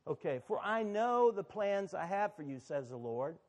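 A man's voice: high-pitched, big pitch swings, moderate pace. A man, the pastor of a church, preaching a sermon in a conversational, sometimes emphatic way.

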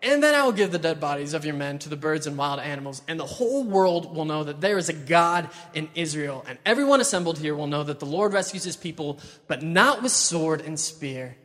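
A man's voice: on the high side, expressive, fairly quick. A man declaiming as a defiant young shepherd hero. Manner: loud declaiming speech. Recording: long hall reverb.

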